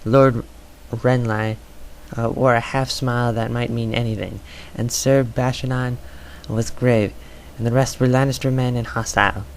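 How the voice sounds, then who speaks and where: A man's voice: medium pitch, fairly even intonation, normal speed, few pauses, a little hiss or hum, low-quality recording. A man doing an amateur audiobook reading, stumbling over words and filling gaps with "uh". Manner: stumbling, filler-heavy reading. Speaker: reader.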